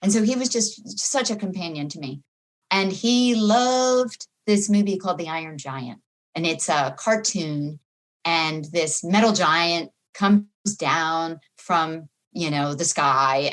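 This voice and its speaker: A middle-aged woman with a lowish voice tells her own story of grief as an interview guest. She speaks in an emotional, reflective way. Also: a little slow. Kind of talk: personal testimony in a podcast interview.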